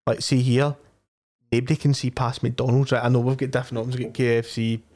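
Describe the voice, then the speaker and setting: A man's voice: medium pitch, little pitch movement, fast, a little mellow. A man co-hosting a podcast, bantering casually about food and travel. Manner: chatty, says "mate" a lot. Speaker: podcast co-host.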